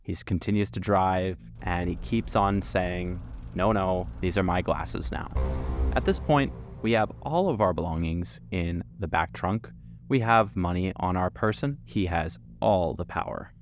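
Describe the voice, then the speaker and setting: A man with a very low, deep voice tells a travel story to camera. He narrates in an animated way and acts out the lines of the people in it. Faint music sits under his voice. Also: unhurried. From Canada. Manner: animated, acts out quoted dialogue. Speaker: travel vlogger.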